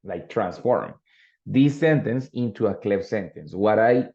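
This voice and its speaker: A man's voice: lowish voice, animated, unhurried, a little mellow. A man teaching an English class, explaining grammar with frequent tag questions like "right?" and "ready?". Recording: dull lo-fi audio.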